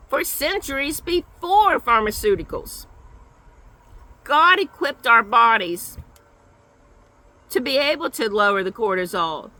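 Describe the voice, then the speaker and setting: An older woman giving an earnest personal testimony, telling her story slowly with lots of repetition. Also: high voice, pushed and bright, poor audio. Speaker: guest sharing her recovery story.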